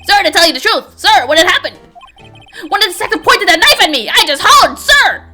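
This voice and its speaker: A woman acting out an excitable young male patrolman from a courtroom game. He shouts almost every line in a high, sharp voice and tacks "sir!" onto everything. Faint game music plays underneath. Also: brisk, exaggerated voice. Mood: frantic, loud. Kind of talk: voice acting a game script aloud.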